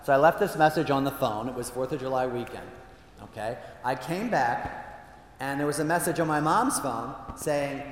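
A man who is a priest, telling self-mocking stories in a chatty way with lively asides during a talk to an audience. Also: medium pitch, normal speed. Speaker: Jesuit priest giving a talk. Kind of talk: humorous storytelling talk. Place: large hall with a live audience. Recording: echoey hall from a distance.

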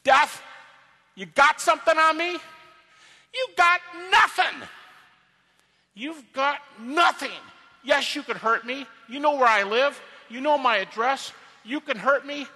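A man voicing a defiant apostle who loudly mocks death, speaking in a long-echoing auditorium. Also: a little high, wildly swooping pitch, a little slow, long pauses, breathy edge, full character voice. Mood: taunting. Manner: loud, mocking, triumphant shouting.

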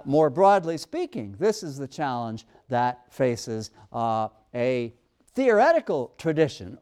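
A male university professor giving a lecture, thinking aloud with frequent restarts and pauses, and reading quoted passages aloud. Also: a little high, a little mellow, clean tone.

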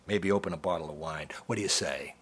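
A man voicing a crude, quick-tempered male restaurant cook, talking bluntly and coarsely. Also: low voice, fairly bright tone, slightly rough, pitched below the performer's own voice. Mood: coaxing.

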